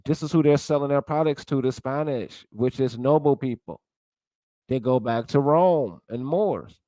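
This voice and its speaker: A man's voice: mid-range voice, moderate pace, warm tone, dry recording. A man lecturing viewers in casual commentary, searching aloud and calling them y'all. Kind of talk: casual commentary while browsing sources.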